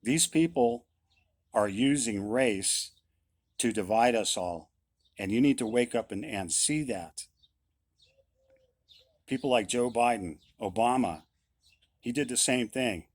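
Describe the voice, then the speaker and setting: Man, middle-aged, blunt, repeats his points, opinion monologue, medium pitch, dry room. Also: expressive, slow pace, pauses often, no echo. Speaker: musician.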